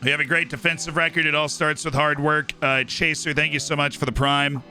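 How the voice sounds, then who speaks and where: Bright-voiced, tired man streaming a game. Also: a little high, flat delivery, a little fast, soft background music. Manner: chatty, upbeat, thanks subscribers by name. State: tired, voice starting to go. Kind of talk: casual game livestream commentary.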